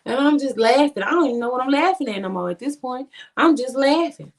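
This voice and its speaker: A woman guest on a podcast telling a story casually, animated and acting out what her friends said. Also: fast talker. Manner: animated, swings pitch to act out friends' lines.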